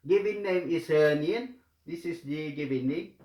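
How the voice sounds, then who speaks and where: A man teaching the Korean alphabet, speaking haltingly with many pauses and repeated words. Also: fairly high pitch, a little mellow. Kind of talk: hesitant spoken tutorial. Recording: echoey room.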